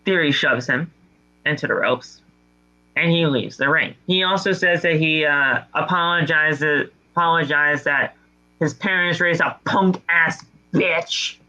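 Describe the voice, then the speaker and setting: A man co-hosting a podcast, recapping wrestling in a casual, animated way. His voice is bright and forceful and sits a little high. The audio is dull and lo-fi. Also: unhurried. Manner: animated storytelling with mock voices and exasperated jokes. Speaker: podcast co-host.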